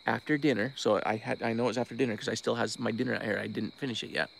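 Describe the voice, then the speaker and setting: A man's voice: medium pitch, fairly even intonation, quick pace, gravelly, fairly bright tone, a little hiss or hum. A man from Oregon, a diver hosting a casual live-stream update outdoors at night, rambling with restarts and thanking donors by name. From Bend, Oregon. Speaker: search-and-recovery diver, live-stream host.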